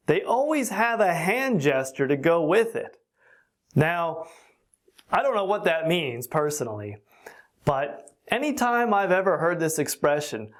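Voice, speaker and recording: Online English tutor, unhurried and carefully spaced delivery, mid-pitched, chuckles between examples. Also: very animated. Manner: slow, deliberate explaining with occasional laughs. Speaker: English teacher. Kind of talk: online language lesson.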